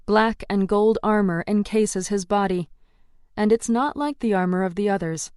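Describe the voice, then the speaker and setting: A woman's voice: mid-range voice, moderate pace, darkish tone, clear, resonant tone, no room sound, studio quality. A woman narrating a first-person audiobook in a tense, dramatic storytelling manner.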